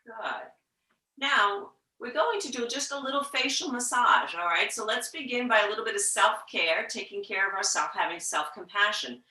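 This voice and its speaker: Speaking from a distance in an echoey space, an animated woman with a mid-range voice gives guided yoga instruction. Her pace is slow and gentle, and now and then she whispers softly to show how to breathe.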